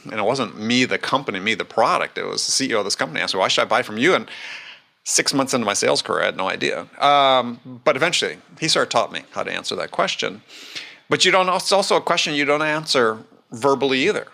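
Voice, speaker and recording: Lively, bright-voiced male podcast host. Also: mid-range voice, quick pace, vocal fry. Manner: animated, emphatic, repeats words when starting a point. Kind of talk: conversational interview.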